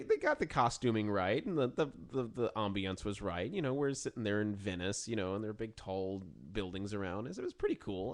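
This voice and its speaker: A man from South Louisiana co-hosting a casual late-night podcast, telling stories with frequent laughter. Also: on the low side. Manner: laughs often, animated storytelling with put-on voices. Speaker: podcast co-host.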